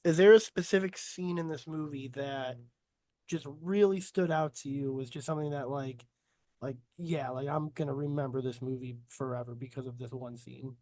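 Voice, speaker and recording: A man's voice: mid-range voice, steady tone, normal speed, darkish tone, no echo. Laid-back young man, dry close sound. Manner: laid-back, loose, lots of fillers. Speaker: podcast host. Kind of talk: casual chat.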